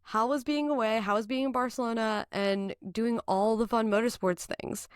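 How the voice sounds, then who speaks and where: A woman's voice: on the high side, fairly even intonation, moderate pace, clear, resonant tone, no echo, studio quality. A young woman hosting a casual motorsport podcast, bubbly and laughing often. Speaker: podcast host. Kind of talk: casual chat. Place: home, in Boston.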